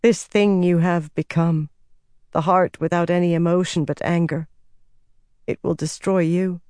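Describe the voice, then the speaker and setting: A man voicing a stubborn young woman healer who speaks in a sharp, indignant, pleading way, with the voice raised well above his own. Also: high-pitched, steady tone, measured pace, clean tone, no room sound.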